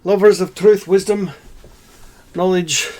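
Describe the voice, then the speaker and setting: A man with a somewhat high-pitched voice rants straight to his viewers in a solo vlog. He is sarcastic and irreverent and swears freely, punching key words with sudden emphasis. He breaks into laughter between points. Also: slow pace. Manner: animated, with bursts of emphasis and laughter. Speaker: channel host. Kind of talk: ranting solo vlog monologue.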